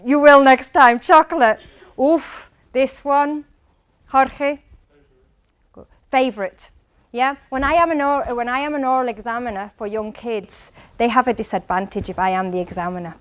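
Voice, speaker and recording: Female English teacher with a Mancunian accent and a high voice. Animated lecture delivery that calls on students by name. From England, Manchester. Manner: animated, quizzes the audience by name. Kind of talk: lively classroom lecture. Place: lecture hall.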